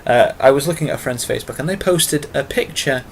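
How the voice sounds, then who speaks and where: A man's voice: medium pitch, lively intonation, quick pace, a little hiss or hum. A British man talking casually to camera in a tag video, long-winded and full of fillers, with self-mocking asides. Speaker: vlogger.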